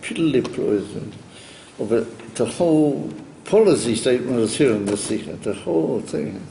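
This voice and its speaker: Rabbi teaching a study group, man, mellow tone, chatty with fillers, echoey room recording. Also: mid-range voice, lively intonation, normal speed, vocal fry. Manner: chatty, many fillers, chuckles while explaining. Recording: echoey room with faint ambient noise.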